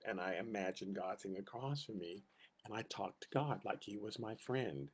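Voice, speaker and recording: A man's voice: fairly low pitch, husky. A middle-aged man teaching a casual Sunday school Bible lesson, telling personal stories and acting out the voices he quotes.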